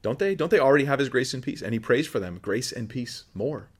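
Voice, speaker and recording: A man preaching as a pastor, talking through a scripture passage in a relaxed, conversational way and acting out quoted voices. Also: medium pitch, a little fast, husky. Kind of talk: sermon.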